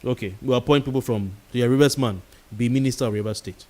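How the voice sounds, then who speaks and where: A heated Nigerian-accented man delivers a late-night talk show monologue. He rants with passion, slipping pidgin words in among his English. His voice sits at an ordinary middle pitch. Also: fast talker, warm tone.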